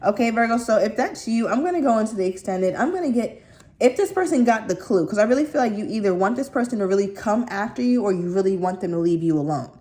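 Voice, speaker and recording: A woman reading tarot cards for viewers in a chatty, animated way, with playful acted-out asides. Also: mid-range voice, fast talker. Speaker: tarot reader.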